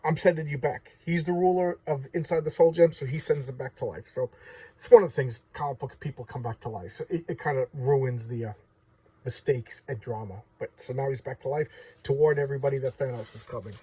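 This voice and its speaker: Husky-voiced man rambling about comics. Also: medium pitch, brisk, warm tone, dry recording. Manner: rambling, filler-heavy, enthusiastic. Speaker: comic book reviewer. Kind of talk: casual chat. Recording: distant mic.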